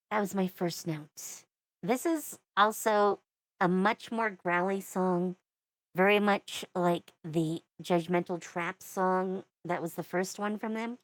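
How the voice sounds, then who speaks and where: A woman's voice: fairly low pitch, dry recording. A woman in her forties giving casual reaction commentary as a VTuber, with wry, rambling asides.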